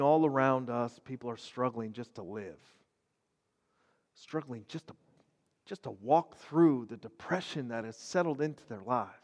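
Pastor, male, middle-aged: high-pitched and earnest, casual preaching with loose fillers, long reverb trailing behind. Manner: conversational, earnest, many fillers and restarts. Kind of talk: casual sermon video.

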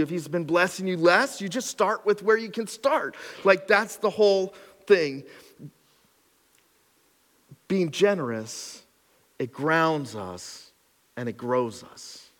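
A man preaching a sermon as pastor, animated, building to near shouts on key points. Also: on the high side, big-room sound.

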